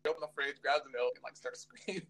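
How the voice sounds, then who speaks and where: A man's voice: medium pitch, steady tone, quick pace, fairly bright tone. A young man joining a casual podcast chat, chuckling and tossing in playful quips.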